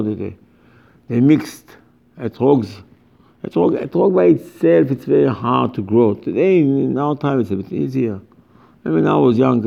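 A man's voice: mid-range voice, gravelly, muffled recording. A man giving an informal religious lecture as a rabbi, speaking emphatically and animatedly in broken English with many repetitions.

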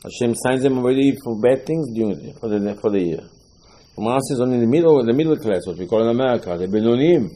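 An older male rabbi gives a Torah lecture, his showing through. His voice is husky and warm, and he tells stories with emphatic repetition, acting out the quotes. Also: mid-range voice, animated, quick pace, rough recording.

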